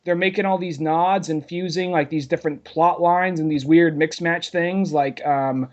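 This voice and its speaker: A man with a fairly high speaking voice chats loosely as a podcast co-host. He rambles, fills gaps with "like" and "uh", and often drifts off mid-thought. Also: steady tone, normal speed, highs cut off. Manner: rambling, with many fillers and trailing thoughts. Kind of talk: casual chat.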